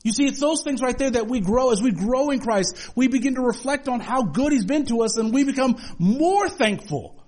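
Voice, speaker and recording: A man's voice: very high voice, expressive, normal speed, a little mellow. A male pastor preaching a sermon to a congregation in a conversational way, with humorous asides. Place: church with a congregation.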